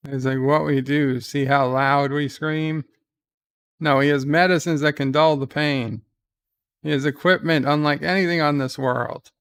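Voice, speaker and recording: A man hosting a relaxed live watch-along, retelling scenes in his own words and answering chat questions as they come in. His voice sits a little high but carries a gravelly rasp at the edges, with a smooth, resonant core. The sound is close and dry. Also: moderate pace, no echo. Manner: loose recapping of scenes, reads viewer chat questions aloud; thinks out loud with fillers and restarts. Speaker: live commentary host. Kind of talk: casual live episode commentary.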